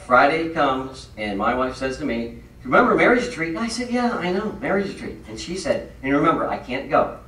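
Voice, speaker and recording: On a stage in an echoey hall, a comedic man tells funny stories to a live audience, performing the dialogue in changing voices. His mid-range voice is animated and moves at a normal speed. The mic sits at a distance, the audience is loud, and there's slight background noise.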